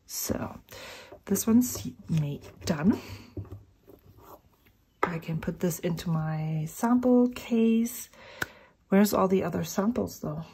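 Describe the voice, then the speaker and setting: A middle-aged woman, a fountain pen vlogger, rambles casually about inks while swatching at her home desk, thinking aloud and at times whispering. She speaks slowly on the low side, a little mellow, with long pauses and a faint hiss or hum in the background.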